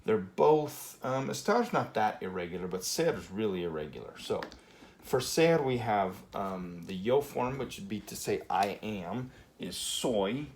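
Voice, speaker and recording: A man teaching a Spanish grammar lesson at a whiteboard, relaxed and full of fillers, checking in with "okay" often. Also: fairly low pitch, unhurried, a little hiss or hum. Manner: relaxed, many fillers and okays.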